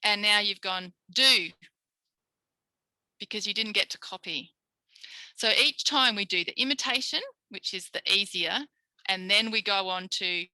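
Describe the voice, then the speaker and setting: A woman with an Australian accent leads a live online speech therapy tutorial. Her voice is very bright and sits close on a dry, unreverberant mic. She models single sounds and cheers her listeners on like small children. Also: medium pitch, no echo, rough recording. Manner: demonstrates speech sounds, coaxing and praising like with young children. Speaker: speech pathologist teaching a tutorial.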